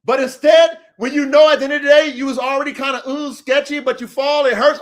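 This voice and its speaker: A man hosting a podcast, giving a profane, preachy motivational monologue that swings from low mutters to shouts. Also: fairly even intonation, fairly quick, few pauses. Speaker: podcast host.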